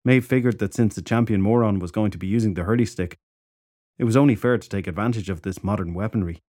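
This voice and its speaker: Male audiobook narrator, lowish voice, dry close sound, steady pacing. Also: fast talker, dry recording.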